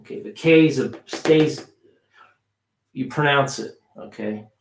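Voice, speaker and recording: A man teaching English pronunciation on a livestream, repeating words slowly for practice. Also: mid-range voice, roomy sound.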